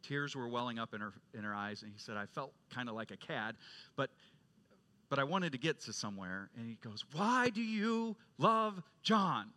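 A man preaching a sermon as pastor, moving from loud proclaiming to quiet storytelling. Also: medium pitch, fairly quick. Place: church sanctuary.

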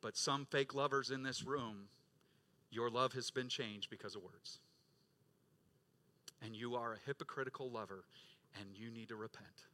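A middle-aged male pastor preaching a sermon, rising to loud emphatic peaks and dropping to quiet low stretches, acting out quoted voices. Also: fairly even intonation, moderate pace, long pauses. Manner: acts out quoted voices of congregants and Jesus.

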